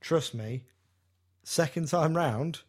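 A man's voice: on the high side, slow, a little mellow. A man in casual film chat, making dry, wry remarks.

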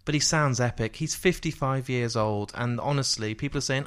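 A man's voice: mid-range voice, moderate pace, a bit bright, clean tone. A man co-hosting a casual podcast, enthusing about music, swearing and laughing at himself. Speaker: podcast co-host. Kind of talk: casual chat.

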